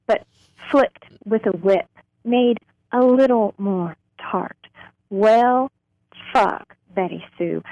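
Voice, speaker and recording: A woman poet on a radio show, reading her own poem slowly and deliberately, drawing out words. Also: medium pitch, darkish tone, dry recording, dull audio. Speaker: poet guest. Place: radio studio.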